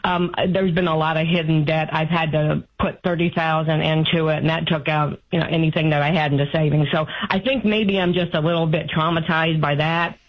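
A woman's voice: sits low, fairly even intonation, brisk, hardly any pauses. A woman in her fifties calling in to an advice show, talking anxiously and rambling with restarts. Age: 50s. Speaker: caller. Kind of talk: call-in advice conversation. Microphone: phone line. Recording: muffled phone call audio.

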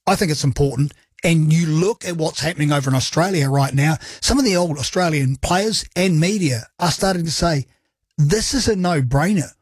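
A man's voice: on the high side, moderate pace, husky, dry recording, studio quality. A man with a New Zealand accent hosting a sports talk radio show, upbeat and chatty with a joking manner. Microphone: studio microphone.

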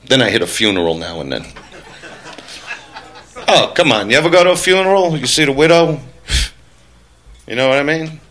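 A man's voice: mid-range voice, sing-song, normal speed, long pauses, a bit bright. A man doing a stand-up routine, brash and crude, teasing the crowd. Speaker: stand-up comedian.

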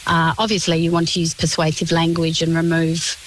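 A woman, a communications specialist answering on a radio interview in a clear, explanatory, measured way. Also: low voice, completely flat delivery, a little hiss or hum, poor audio.

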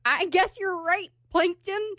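A woman's voice: very high-pitched, slow pace, a bit bright, no echo, studio quality, full character voice. A woman doing an impression of an earnest young cartoon sea sponge, breaking into giggles. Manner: earnest speech broken by giggles. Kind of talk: impression on a radio show.

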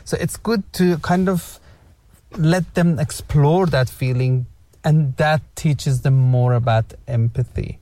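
A man's voice: fairly high pitch, takes it slowly, dark tone, no room sound. A man hosting a casual discussion, guiding the others with encouraging advice and frequent repeats. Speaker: host.

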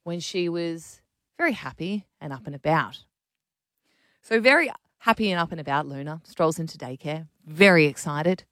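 A woman's voice: low voice, normal speed, no room sound, studio quality. A woman, co-hosting a radio show, telling a story with lots of laughter. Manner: animated storyteller, laughs often. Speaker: radio co-host. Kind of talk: casual radio chat.

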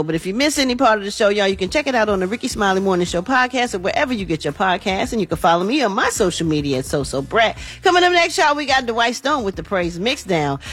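A woman's voice: mid-range voice, breathy edge. A woman hosting an entertainment news segment on a morning radio show, talking in a chatty, folksy way. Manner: chatty, folksy, says y'all and honey.

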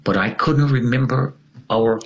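A man's voice: medium pitch, a little slow, muffled recording. A man telling a personal story in an interview, vivid and dramatic, acting out the people he quotes. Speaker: guest telling his story.

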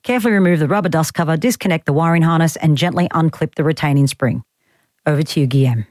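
A woman's voice: low voice, quick pace. A woman hosting a radio talk show, playful and teasing, laughing often as she chats with a guest in the studio. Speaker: radio host. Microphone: studio microphone.

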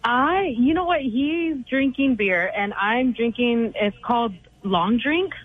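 A woman on a phone call-in to a radio show, relaxed and giggly after a few drinks. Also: fairly high pitch, slow pace, dry recording. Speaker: caller. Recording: tinny phone line.

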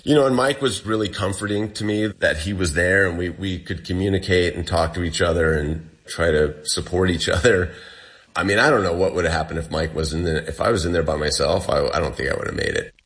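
A man's voice: low voice, a little fast, a bit bright. A man telling a story in a casual way. He acts out the dialogue and says "like" a lot. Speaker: interview guest.

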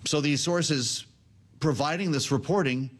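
A man anchoring a news program, reading statements aloud and questioning a guest in a brisk, conversational way. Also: a little high. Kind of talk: broadcast news presenting.

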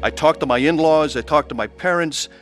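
A man's voice: on the high side, brisk, a bit bright, faint music behind. A man narrating his own testimony in an earnest, pleading way.

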